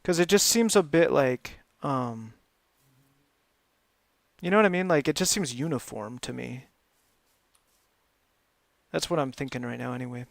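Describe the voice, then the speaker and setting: A man's voice: medium pitch, a little slow, vocal fry, long pauses, no echo, studio quality. A man chatting casually while streaming a building game, laughing often and filling his talk with lots of ums. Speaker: live gaming streamer.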